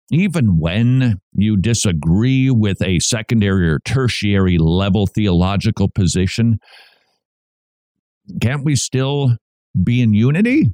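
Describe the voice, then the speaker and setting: Speaking into a studio mic, a man hosts a Christian radio show, delivering commentary in an earnest, preacherly style full of emphatic repetition. His mid-range voice has a dark tone, and the recording is dry.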